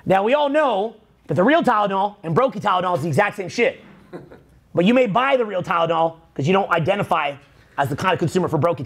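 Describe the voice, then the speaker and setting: A middle-aged man, a social skills coach, ranting with heavy swearing and bursts of shouted quotes. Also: high voice. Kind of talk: profane motivational rant.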